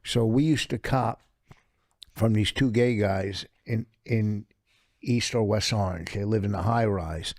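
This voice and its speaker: A man's voice: fairly low pitch, measured pace, a little mellow, no echo, clean studio sound. A middle-aged man, a guest comedian, telling anecdotes in casual podcast chat and laughing as he goes. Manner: laughing through comic anecdotes.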